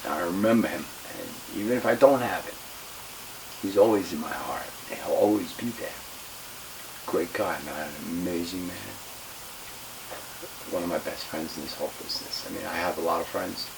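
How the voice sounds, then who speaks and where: A man's voice: deep voice, normal speed, creaky, pauses often. A man telling a wrestling story in an interview, heated, emphatic and profane. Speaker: retired pro wrestler. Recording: distant mic with faint hiss.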